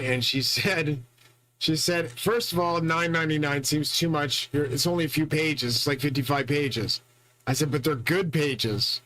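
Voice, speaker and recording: A man with a fairly high voice talks on his own in a long, rambling monologue. He is boastful and profane, and he stumbles through restarts as he goes. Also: a bit bright, low-quality recording. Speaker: channel host.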